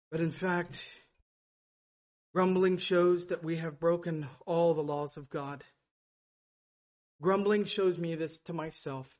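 Fervent high-voiced male preacher. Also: muffled recording. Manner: fervent, repeats phrases, swings from loud to hushed. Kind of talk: sermon.

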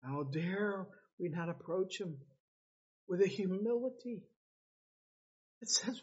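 A man preaching a sermon with passion, swinging from loud pleading cries to low hushed tones. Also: lively intonation, slow, pauses often, husky. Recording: slightly dull lo-fi sound.

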